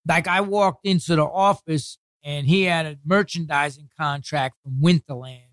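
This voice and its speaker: New York man, foul-mouthed storyteller, slightly high voice, dry close mic. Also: steady tone, fairly bright tone, clean tone, no room sound. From New York City. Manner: heavy swearing, blunt street talk; acts out others' words in quick retellings. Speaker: guest. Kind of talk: casual storytelling interview.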